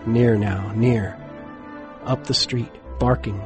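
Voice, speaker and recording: A man narrating a horror story in a measured, dramatic way, dropping to a hush for suspense. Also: mid-range voice, fairly even intonation, music in the background.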